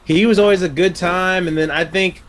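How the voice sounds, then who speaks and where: A man's voice: sits high, steady tone, moderate pace, slight background noise. A man co-hosting a casual comedy podcast, joking crudely and cutting in on the others. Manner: joking, crude, interrupts a lot. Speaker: podcast co-host.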